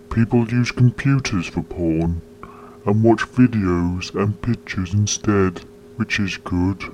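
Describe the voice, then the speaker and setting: A man voicing a grumbling, scornful male talking tree in a slow, deep, mocking monologue. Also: darkish tone, slight background noise, rough recording.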